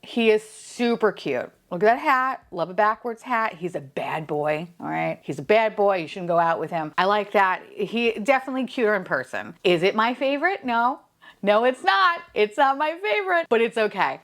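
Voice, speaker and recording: A woman vlogging a toy unboxing in casual chat, excitable and profane, swinging from deadpan grumbling to squealing delight. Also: a little high.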